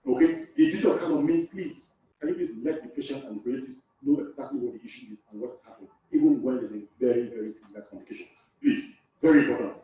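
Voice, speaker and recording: A man's voice: a little high, a little mellow. A man from Nigeria giving a live lecture to a hall audience, repeating key phrases and asking the room questions. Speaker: course lecturer. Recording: echoey hall, far off, dull.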